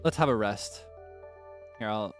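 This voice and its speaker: A man's voice: fairly low pitch, a little slow, soft background music. A man casually chatting to his viewers while streaming a game, talking straight to them and breathless from laughing fits. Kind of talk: casual gameplay stream chat.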